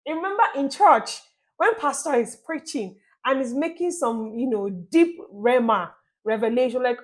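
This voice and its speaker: A woman giving relationship tips in a casual vlog, chatty and lively, often checking in with the listener. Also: on the high side, moderate pace. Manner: chatty, asks listeners "you get my point?"; acts out little scenes with playful quoted voices. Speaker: relationship advice vlogger.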